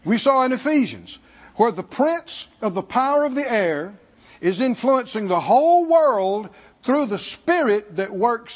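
A man preaching a sermon to a congregation, speaking slowly and pausing for asides to his listeners. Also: very high voice, husky. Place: church hall. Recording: dull sound in a hall with long reverb.

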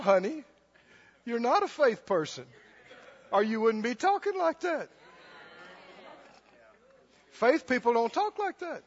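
Male preacher, high voice, emphatic and repetitive, long hall echo on a muffled recording. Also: animated, a little slow, pauses often. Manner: emphatic, repetitive, laughs often. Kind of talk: sermon.

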